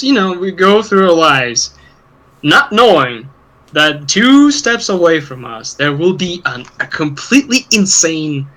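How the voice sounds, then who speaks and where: Bright-voiced man, rambling and profane. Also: on the high side, rough recording. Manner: rambling, profane, laughs often. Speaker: podcast co-host. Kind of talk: casual chat.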